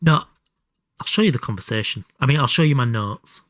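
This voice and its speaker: A man's voice: medium pitch, animated, fairly quick, dry recording. A man chatting casually through a live gameplay stream, self-mocking and swearing now and then. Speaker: livestreamer.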